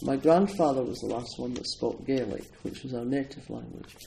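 A man's voice: medium pitch, normal speed, creaky, warm tone, slight background noise, rough recording. An older man from Scotland giving a chatty, digressive talk at a Zen centre, laughing often as he introduces a poem. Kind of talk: casual talk introducing a poetry reading.

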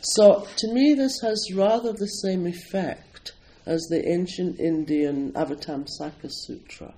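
Older man from Scotland, slightly high voice, unhurried, chatty and digressive, easy laughs. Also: mellow, a little hiss or hum, low-quality recording. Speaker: speaker at a Zen centre. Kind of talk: casual talk introducing a poetry reading.

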